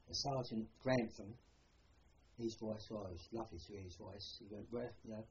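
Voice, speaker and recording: A man's voice: fairly low pitch, steady tone, moderate pace, muffled recording, background noise. An older man with a Cockney accent, recalling his war service in a rambling, plain-spoken way, often adding "you know". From London. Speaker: war veteran interviewee. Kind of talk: oral history recollection.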